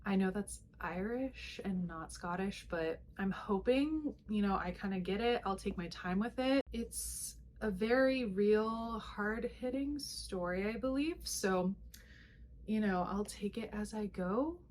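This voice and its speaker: A woman's voice: mid-range voice, unhurried, a little mellow, a little hiss or hum. A young woman chatting casually as she shows books to the camera, with lots of fillers and asides. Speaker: booktuber. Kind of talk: casual vlog chat.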